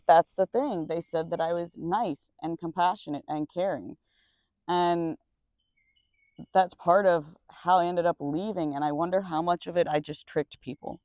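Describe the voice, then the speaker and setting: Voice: mid-range voice, darkish tone, no echo. Blunt, rambling young adult, dry close sound. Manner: rambling and blunt, swears freely. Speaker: nursing assistant. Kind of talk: casual storytime monologue. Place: outdoors with crickets around.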